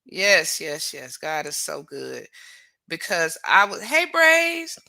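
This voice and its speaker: A woman's voice: deep voice, wildly swooping pitch, takes it slowly, vocal fry, sharp tone, no echo. A woman hosting a casual livestream, greeting viewers by name and praising God often. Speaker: livestream host.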